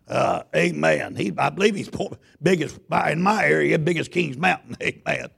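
A man preaching a sermon in a church. He is a loud, folksy Baptist pastor who tells stories with stammering restarts. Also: fairly high pitch, lively intonation, normal speed, gravelly, breathy edge. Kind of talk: sermon with storytelling.

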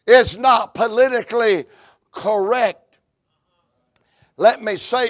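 A man preaching a sermon, building rhythmic, repetitive lines up to shouts and acting out stories with quoted dialogue. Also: high voice.

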